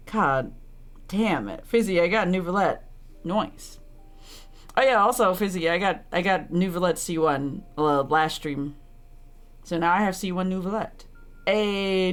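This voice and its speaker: A woman's voice: fairly low pitch, measured pace, pauses often. A woman streaming a game, ranting in exasperation, laughing and swearing at the characters. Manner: frequent swearing. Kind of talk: casual live-stream commentary.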